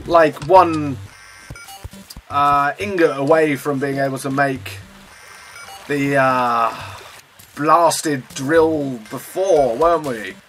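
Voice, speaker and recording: Chatty man narrating gameplay. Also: fairly high pitch. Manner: chatty, self-mocking, with sudden excited outbursts. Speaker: gaming channel host. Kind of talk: let's play gameplay commentary.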